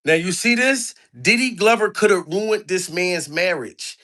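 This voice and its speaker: A man giving mocking, animated comic commentary on a clip and pushing viewers to like the video. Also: high-pitched, measured pace. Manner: animated, mocking, begs for likes. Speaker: commentary vlogger.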